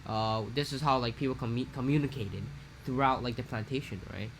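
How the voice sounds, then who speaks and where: A young man from Hawaii, telling a rambling, animated story in a casual podcast chat. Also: medium pitch, brisk, a little hiss or hum. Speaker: podcast co-host.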